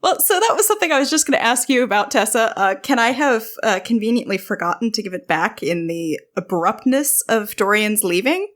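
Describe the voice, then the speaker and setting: A woman's voice: on the high side, lively intonation, brisk, hardly any pauses. A woman player talking casually and hesitantly at a tabletop game, with fillers.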